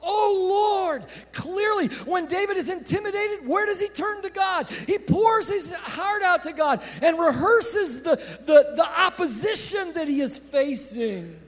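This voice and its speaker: A male pastor with a very high voice preaches slowly and deliberately, letting his pitch leap and fall across a wide range. He shouts out some phrases and drops others to a near hush. The sound rings with the long reverb of a large church sanctuary. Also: lively intonation. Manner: impassioned preaching with sudden shouts and hushed drops; slow, drawn-out delivery. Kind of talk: sermon.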